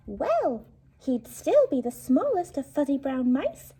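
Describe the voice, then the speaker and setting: A woman reading a rhyming picture book aloud to children, slow and expressive, hushing her voice at tense moments. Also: sits high. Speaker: storyteller.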